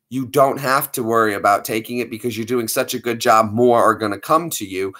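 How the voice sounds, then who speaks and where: A man hosting a casual live stream, chatting playfully with his viewers in an animated way. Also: medium pitch.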